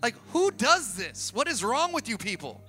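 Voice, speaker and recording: A pastor from Sacramento preaching a sermon, energetic, building to emphatic peaks with casual asides, in a church auditorium. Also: male voice, very high-pitched, normal speed. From Sacramento, California. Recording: long hall reverb with faint music.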